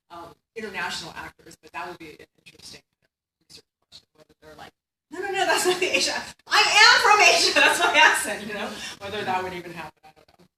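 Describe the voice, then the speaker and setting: A woman gives a keynote lecture with a bright, sharp tone. She talks conversationally and keeps asking the room "right?" She is picked up from a distance in an echoey hall with faint hiss. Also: medium pitch. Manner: conversational, tags points with "right?". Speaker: keynote speaker, academic. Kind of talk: conference lecture.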